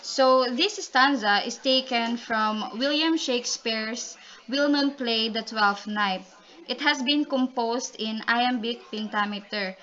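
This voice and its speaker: A student with a high-side, somewhat bright voice gives a class presentation on poetry, taking it slowly. She explains the material and calls on classmates by name, and the lo-fi recording sounds dull.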